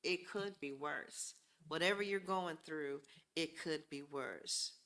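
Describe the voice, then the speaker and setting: A woman's voice: low voice, slow pace. A woman giving a casual tarot reading, talking bluntly and profanely as she speaks straight to her viewers. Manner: addresses viewers directly and warmly. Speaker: tarot reader.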